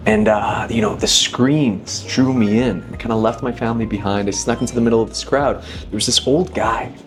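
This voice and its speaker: Man in his thirties, low voice, thoughtful and halting, faint music behind. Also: steady tone. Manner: thoughtful, many restarts, leans on 'inevitably'. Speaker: magician, guest. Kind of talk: reflective interview talk. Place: dinner table.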